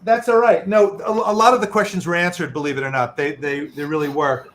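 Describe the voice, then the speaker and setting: A man's voice: a little high, steady tone, fairly quick, a bit bright. A middle-aged man, a medical correspondent co-hosting, chatting casually on a video call and reading donations aloud with joking asides.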